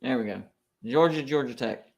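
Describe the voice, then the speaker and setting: A man streaming live reactions to college football games, excitable and quick to complain like an emotional fan. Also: medium pitch, vocal fry.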